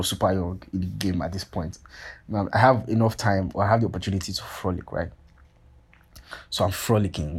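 A young man hosting a podcast, telling a story in a casual, profane, animated way, full of "like" and "you get what I'm saying". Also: lowish voice, slightly rough. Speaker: podcast host.

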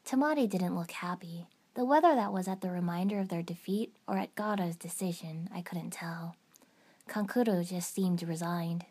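Husky-voiced woman reading a story. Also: fairly low pitch, normal speed. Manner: even, first-person storytelling. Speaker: narrator. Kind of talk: fan fiction audiobook reading.

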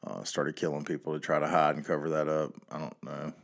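A man's voice: very deep voice, level tone, fairly quick, creaky. A man from the American South with a Southern accent, hosting a podcast alone in a loose, rambling way, swearing freely and filling gaps with ums and you-knows. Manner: rambling, profane, lots of fillers. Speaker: podcast host. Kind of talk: casual solo podcast ramble.

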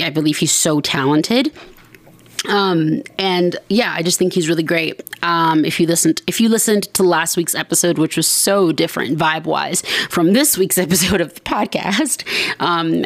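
Woman podcast host, low voice, dry close sound, rambly and self-mocking. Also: creaky, dry recording. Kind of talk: casual chat.

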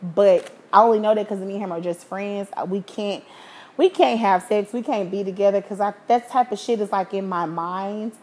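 A woman in her thirties talks straight into the mic as a podcast host, swapping between a low, confiding tone and sudden lively bursts. Her talk is frank and profane, the kind of unfiltered storytelling she shares with listeners. Her voice sits at a middling pitch for a woman. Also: normal speed. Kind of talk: candid storytelling.

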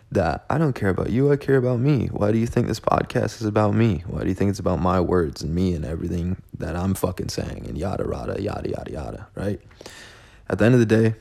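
A man's voice: sits low, gravelly, a little mellow. A man hosting a solo podcast, rambling through a profane, self-mocking monologue. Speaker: podcast host.

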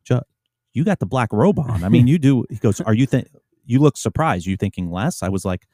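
A man who hosts a podcast for police officers, telling a story in a laid-back way and dropping to a low mutter on quoted lines. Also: lively intonation, fairly quick, a little mellow, dry recording, clean studio sound. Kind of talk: casual storytelling.

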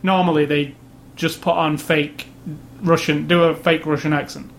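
Male co-host, higher voice, casual rambling review talk, light hiss behind. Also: flat delivery, moderate pace. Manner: thoughtful, rambling, restarts sentences. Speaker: movie review podcast co-host. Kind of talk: casual chat.

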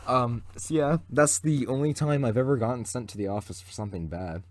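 Here the same kind of speaker, a teen boy from Canada co-hosting a podcast, sounds medium-pitched and brisk, recorded with no echo. His casual, rambling story keeps stumbling over fillers and false starts.

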